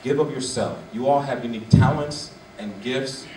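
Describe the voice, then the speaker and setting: A man's voice: mid-range voice, moderate pace. A man in his forties giving a motivational speech as a guest speaker, telling a personal story and acting out its dialogue. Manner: animated, acts out dialogue. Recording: echoey hall, distant mic, faint noise.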